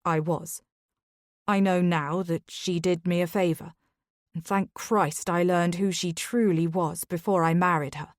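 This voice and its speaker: A woman's voice: fairly low pitch, fairly even intonation, a little slow, dry recording, studio quality, close to an everyday voice. A woman voicing a grave, remorseful aristocratic husband in Victorian society. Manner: grave, hoarse-edged apology.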